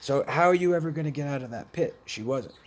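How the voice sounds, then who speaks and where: A man's voice: a little high, fast. A man telling a personal story about addiction in a blunt, profane way, with many restarts. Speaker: speaker sharing addiction experiences. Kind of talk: personal storytelling, recovery talk.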